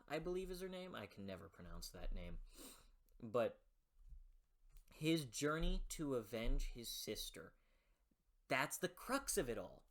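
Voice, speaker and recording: A man's voice: fairly high pitch, a bit bright. A man talking casually about a fantasy book series, enthusiastic and rambling, often correcting himself and laughing. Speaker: book reviewer. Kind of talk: casual vlog commentary.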